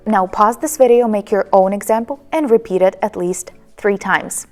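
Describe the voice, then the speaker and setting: A woman's voice: medium pitch, normal speed, few pauses, a little mellow. A young woman who is an English teacher, giving an upbeat, affectionate lesson to camera and blowing kisses to viewers. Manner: bubbly, affectionate, blows kisses.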